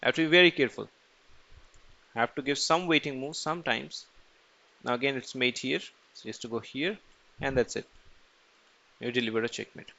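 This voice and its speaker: A man's voice: medium pitch, fairly quick, creaky, pauses often, sharp tone, muffled recording. A man teaching chess in a casual screen-recorded tutorial, asking and answering his own questions as he goes.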